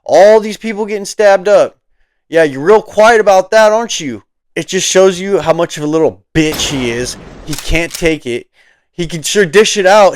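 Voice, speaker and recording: A man's voice: sits high, lively intonation, moderate pace, no echo. A man hosting political commentary, ranting in a heated, profane, mocking way.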